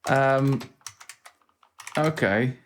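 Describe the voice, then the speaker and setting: Unhurried man musing over a game. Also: medium pitch, a little hiss or hum. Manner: thinking aloud, reading game menus, dry asides. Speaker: let's play host. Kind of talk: casual gameplay commentary.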